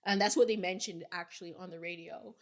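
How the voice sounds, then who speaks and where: A woman's voice: on the low side, steady tone, fast. A woman in her twenties co-hosting a podcast, telling stories in a chatty, rambling way. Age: 20s. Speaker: podcast co-host. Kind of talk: casual chat.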